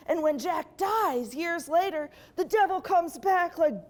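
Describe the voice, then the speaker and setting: A woman hosts a comedy show, playful and giggly as she tells a story. Her voice is high, and she takes her time with every line. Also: expressive, measured pace. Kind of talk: stand-up storytelling to a live audience.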